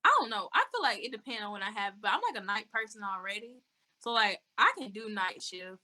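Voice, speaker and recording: A woman's voice: medium pitch, lively intonation, brisk, sharp tone. A woman being interviewed, talking casually and bluntly, saying things straight out. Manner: blunt and outspoken. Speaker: interview guest.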